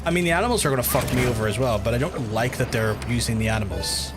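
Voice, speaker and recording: A male gaming streamer talks in a loose, rambling way and swears often as he plays. His voice sits at an average pitch for a man, and game music plays clearly underneath. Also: fast. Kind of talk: casual livestream commentary.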